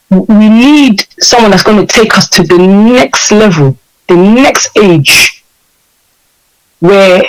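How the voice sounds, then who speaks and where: Interview guest: English-accented man, high voice, emphatic and animated, hammers his points home. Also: rough recording. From United Kingdom. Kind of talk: impassioned interview talk.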